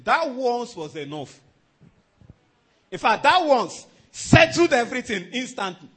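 Pastor guy preaching, high bright voice, bit husky, keeps laughing and repeating himself. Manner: animated preaching, often chuckling, repeats "let me tell you". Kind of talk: sermon.

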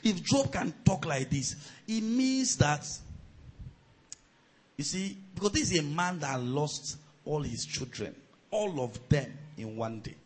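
A man preaching a sermon as pastor. His delivery swings between loud, shouted surges and quieter storytelling. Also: fairly high pitch, lively intonation, slow, slightly rough, rough recording.

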